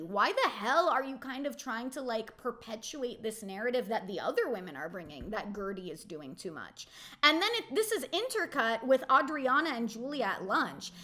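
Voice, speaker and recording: Bright-voiced girl in her 20s ranting through a reality show recap, lots of "like", kinda exasperated. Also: on the high side. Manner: animated, exasperated, rhetorical questions; heavy use of "like" fillers. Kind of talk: casual chatty episode recap.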